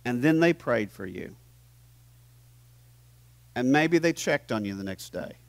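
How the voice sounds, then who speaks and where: A man preaching a sermon as pastor in a church, animated and teasing his congregation, swinging from hushed to loud. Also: mid-range voice, unhurried, gravelly, no room sound. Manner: playful, teases the audience.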